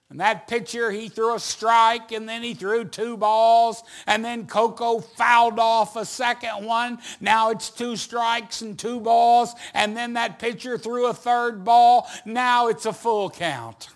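A middle-aged man preaching a sermon, telling a story with building energy and sudden shouts. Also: very high voice, level tone, slow, hardly any pauses. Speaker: evangelist preacher.

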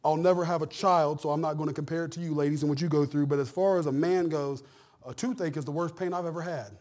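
A middle-aged man preaching a sermon as pastor, in a folksy, conversational way, repeating phrases and swinging between hushed and loud. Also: fairly high pitch, fairly even intonation, fast talker.

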